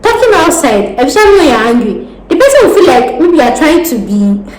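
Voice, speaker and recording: Nigerian-accented woman vlogger, lively and gesturing, slightly high voice, echoey room. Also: brisk. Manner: animated, talks with her hands, laughs often. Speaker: vlogger giving job advice. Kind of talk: casual advice vlog. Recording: roomy echo with faint background noise.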